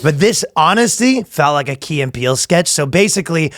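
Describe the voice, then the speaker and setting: A man co-hosting a comedy podcast in casual chat, who laughs often and slips into quick impressions. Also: a little high, expressive, fairly bright tone, no echo, clean studio sound. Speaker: podcast co-host.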